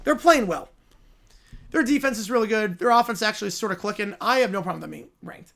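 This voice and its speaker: Man with gravelly vocal fry. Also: high voice, big pitch swings, fairly bright tone. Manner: quick, offhand, opinionated. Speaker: livestream host. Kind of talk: casual livestream chat.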